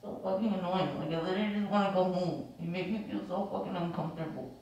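A woman's voice: lowish voice, quick pace, a little mellow. A woman in her twenties arguing with her fiancé in a prank vlog, sleepy and then cursing and roasting him. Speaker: vlogger. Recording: echoey room from far off.

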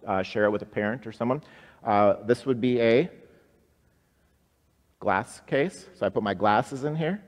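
A man leading a simplified worship service, speaking simply and warmly encouraging listeners to repeat short prayers after him. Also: medium pitch, a little slow, long pauses. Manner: simple, encouraging, leads call-and-response prayer. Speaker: pastor. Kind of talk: simplified worship service for people with special needs. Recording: live-streamed service with long reverb.

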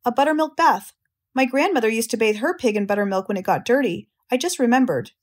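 A woman's voice: on the high side, animated, fast. A woman doing a bossy farm wife. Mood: firm. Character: bossy farm wife, middle-aged, determined.

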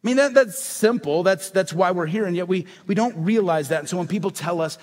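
A man's voice: high-pitched, a little fast, few pauses, in a large hall. A male pastor preaching a sermon with emphatic, repeated rhetorical questions. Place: church sanctuary.

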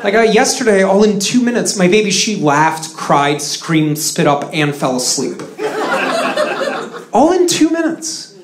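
A man's voice: high-pitched, steady tone, normal speed, hardly any pauses. A man from Russia performing live stand-up comedy with a dry, sarcastic delivery. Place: stage in a live comedy venue. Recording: roomy live venue with audience noise.

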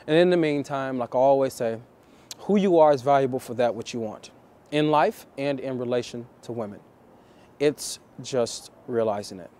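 A man coaching viewers on dating in a vlog, talking deliberately and repeating key phrases for emphasis. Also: mid-range voice, dark tone.

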